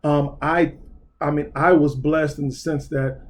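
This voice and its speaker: A man's voice: a little high, flat delivery, a little slow. Earnest male guest recalling his playing days. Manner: earnest and reflective, many fillers like um and you know. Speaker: podcast guest, basketball recruiter. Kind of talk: casual interview chat.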